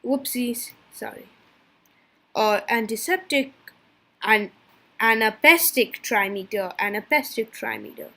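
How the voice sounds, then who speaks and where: Halting woman giving a class presentation. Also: fairly high pitch, big pitch swings, pushed and bright. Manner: halting, stumbles over technical terms. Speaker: student presenter. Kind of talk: reading a class presentation from slides.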